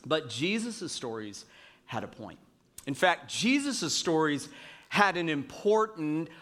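A male pastor in his thirties giving a sermon with a somewhat high-pitched voice. He talks in a loose, conversational way, full of ums and asides, and often pokes fun at himself. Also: fairly bright tone. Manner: chatty and self-mocking, with fillers.

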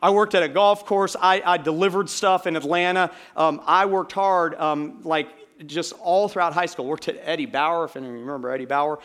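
A man's voice: on the high side, steady tone, fairly quick, few pauses, fairly bright tone. A middle-aged man from Georgia preaching a sermon as pastor, in a conversational way with many fillers and asides to the congregation. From Georgia, USA.

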